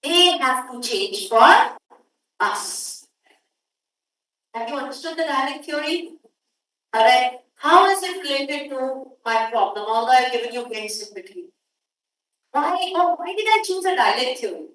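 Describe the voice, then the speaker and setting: A high-voiced woman with an Indian English accent teaches a workshop, emphatic and quick to quiz her listeners. Her voice carries through a big, echoing hall and is picked up from some way off the mic. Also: expressive, a bit bright. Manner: emphatic, questions the audience directly. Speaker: workshop lecturer. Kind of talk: academic workshop lecture. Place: conference hall. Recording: echoey hall, distant mic.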